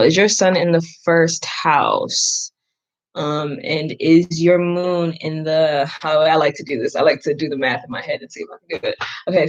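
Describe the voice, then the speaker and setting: A woman with a fairly low voice chats casually with her livestream audience while reading their signs. She is talkative and self-deprecating. The sound is dull and lo-fi. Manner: chatty, talks to the chat, self-deprecating. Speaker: astrology reader, stream host.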